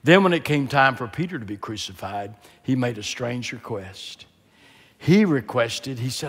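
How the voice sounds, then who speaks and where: A man's voice: medium pitch, animated, moderate pace, husky. Impassioned older man preaching in a hall. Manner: rises from quiet emphasis to loud, impassioned preaching. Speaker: guest preacher. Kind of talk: sermon. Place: large church sanctuary. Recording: long reverb of a large hall.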